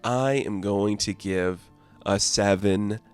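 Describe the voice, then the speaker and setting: A man's voice: on the low side, slow, clean tone, soft background music. A man giving a casual, rambling comic book review, full of fillers and amused asides.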